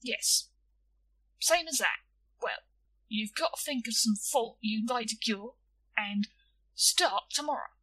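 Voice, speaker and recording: A gloomy, firm old shopkeeper, as a woman reader puts him on, who talks in a heavy, lugubrious way. The tone is husky and bright. It is heard a little off-mic in a storybook reading. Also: a little high, animated, slow, long pauses, no echo, distant mic, full character voice.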